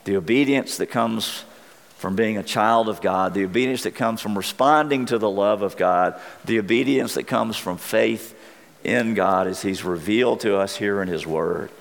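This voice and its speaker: A man preaching a sermon as pastor, earnest and deliberate, his voice wearing thin. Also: on the low side, gravelly, big-room sound.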